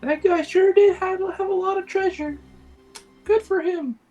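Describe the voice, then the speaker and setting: A woman's voice: very high-pitched, fairly even intonation, a little slow, mellow, lo-fi sound, faint music behind. A woman taking part as a player in a tabletop game, speaking her lines plainly.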